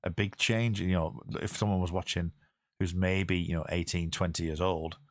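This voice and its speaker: A low-pitched man hosts a podcast in a loose, casual chat. He rambles and restarts his sentences as he works through a point. His voice sounds close and dry, with no room around it. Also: steady tone, normal speed, dry recording. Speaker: podcast host.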